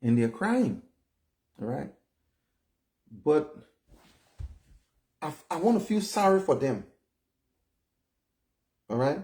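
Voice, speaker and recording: A Liberian vlogger in his fifties, speaking with a Liberian English accent, gives casual opinion commentary in a slightly high, darkish voice. He is very animated yet slow, with long pauses, blunt and chatty, constantly checking in with "all right?" and "you know?".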